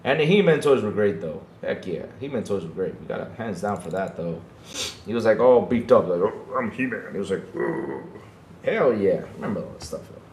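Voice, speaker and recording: A man hosting a casual livestream podcast, talking excitedly to his chat and repeating himself often. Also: lowish voice, a little fast, echoey room, slight background noise. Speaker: podcast host streaming to chat.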